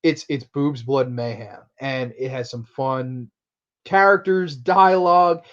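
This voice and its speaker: A man hosting a casual horror movie review, excitable and profane, often laughing. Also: mid-range voice, unhurried. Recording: muffled lo-fi recording.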